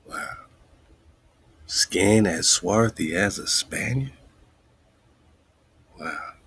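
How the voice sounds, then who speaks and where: A man hosting a radio show, thinking aloud as he looks up words, muttering and whispering asides to himself and reading quoted lines slowly. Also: low-pitched, animated, fairly bright tone, breathy edge. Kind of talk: casual research talk, looking up words live.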